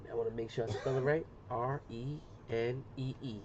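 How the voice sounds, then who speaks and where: A man's voice: steady tone, moderate pace, a little mellow. Chatty slangy man livestreaming, muffled sound. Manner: chatty, slangy, says "boom" often. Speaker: livestreamer doing laser engraving. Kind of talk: casual live-stream demonstration. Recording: muffled lo-fi sound with faint room noise.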